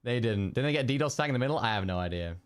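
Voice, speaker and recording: A man's voice: mid-range voice, animated, rapid-fire, smooth, no room sound, clean studio sound. A young man streaming live, muttering one-word guesses to chat, keyboard clicks behind. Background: keyboard clicks and typing.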